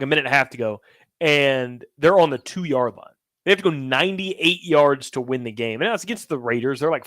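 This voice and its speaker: A man's voice: medium pitch, a bit bright, no echo, studio quality. A man co-hosting a casual sports chat show, recapping games in conversational detail with wry asides. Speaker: co-host.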